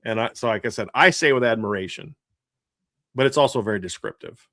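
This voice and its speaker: A man's voice: medium pitch, brisk, pushed and bright, dry recording, clean studio sound. A man from the American South chatting casually as a sports podcast co-host, rambling with frequent restarts. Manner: rambling, restarts, laughs often.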